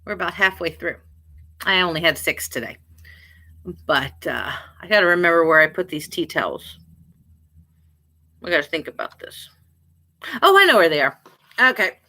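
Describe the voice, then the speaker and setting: A woman's voice: lowish voice, big pitch swings, moderate pace, long pauses, bright, forceful tone. A woman selling online, chatting casually on a live stream while packing orders and baby-talking to her pets. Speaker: online seller.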